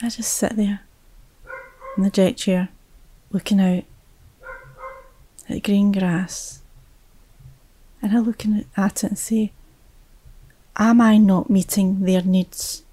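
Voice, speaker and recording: A woman tells a story from her life as a mother with a mellow, soft-edged tone. She takes her time over each phrase, reflective and unhurried, and now and then sinks into a hushed whisper. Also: mid-range voice, flat delivery. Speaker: mother telling a personal story. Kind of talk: personal storytelling.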